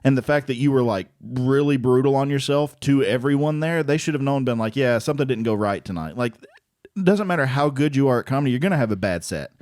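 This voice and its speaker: Animated swearing man telling stories. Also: medium pitch, fast talker, no room sound. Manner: animated storytelling, swears freely, laughs often. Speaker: aspiring comedian, co-host. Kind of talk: casual podcast chat.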